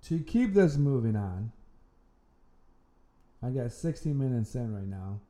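A man's voice: mid-range voice, sing-song, a little slow, warm tone. A man hosting an amateur sports podcast, talking casually and rambling, often repeating words and restarting his sentences. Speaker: podcast host.

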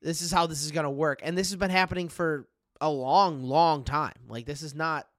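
A man's voice: a little high, fairly even intonation, moderate pace, fairly bright tone, dry recording, clean studio sound. A young man co-hosting a podcast, talking sports casually, laughing often and swearing freely. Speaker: podcast co-host.

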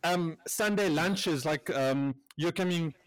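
A man's voice: a little high, slow pace, no room sound. A man telling work stories in a casual podcast chat, swearing freely and laughing as he talks. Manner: animated storyteller, swears freely, laughs a lot. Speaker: podcast co-host.

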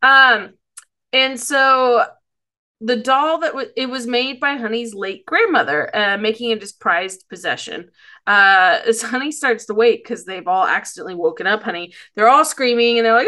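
Bright-voiced woman recapping, rambling. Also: a little high, moderate pace. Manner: rambling, giggly, loses her place. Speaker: podcast co-host. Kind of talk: casual episode recap.

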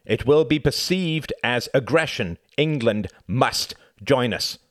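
A man's voice: low-pitched, very animated, takes it slowly, gravelly, husky, no room sound, clean studio sound, heavily acted. A man voicing a cautious, scornful French premier in an audiobook, speaking emphatically and pointedly. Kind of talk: audiobook character reading.

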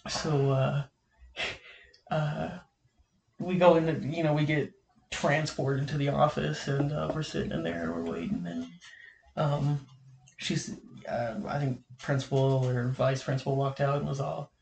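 Gravelly young man telling a rambling story. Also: mid-range voice, measured pace, darkish tone. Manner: rambling, lots of filler and laughter. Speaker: podcast host. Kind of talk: casual storytelling chat. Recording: echoey room with faint noise.

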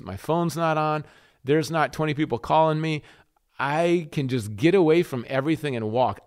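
A man hosting a faith podcast, preaching in an earnest sermon style with repeated rhetorical questions. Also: medium pitch.

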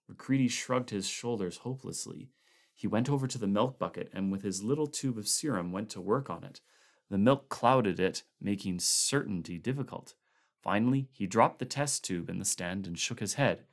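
A man narrating a story aloud in a calm, even storytelling voice. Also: fairly low pitch, moderate pace. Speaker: audiobook reader.

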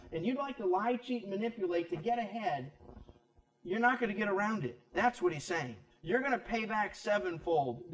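High-voiced preacher in an echoey room. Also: male voice. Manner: emphatic, conversational preaching with rhetorical questions. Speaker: pastor. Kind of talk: Bible teaching sermon. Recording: echoey room, distant mic.

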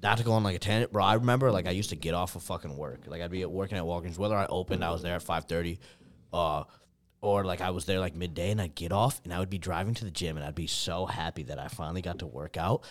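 A young man hosting a casual podcast, swearing a lot and getting loud and hyped. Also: deep voice, quick pace. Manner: loud, profane, hyped and animated. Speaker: podcast host.

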